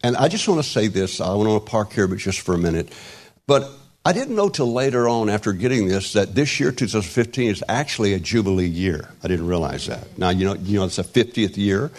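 A man in his sixties preaching an informal sermon, rambling and halting with many restarts and wry self-deprecating humor. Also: lowish voice, lively intonation, darkish tone. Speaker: pastor.

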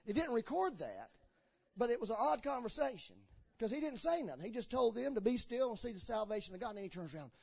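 A man delivering a lively sermon. His voice sits high and swings widely as he acts out quoted lines. His words run together in a slurred drawl. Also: quick pace, creaky, slightly rough. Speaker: preacher. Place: church.

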